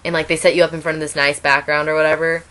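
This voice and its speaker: A woman's voice: low voice, very fast. A young woman casually retelling a family trip story, giggling often and acting out what people said. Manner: giggly, animated retelling with quoted voices. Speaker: vlogger.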